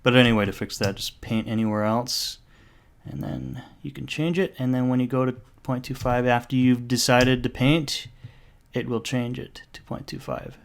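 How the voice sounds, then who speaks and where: Man, gravelly voice, casual tutorial narration, rambling, sidetracked asides. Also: mid-range voice, steady tone, moderate pace. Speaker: tutorial maker. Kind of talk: casual screen-recorded software tutorial.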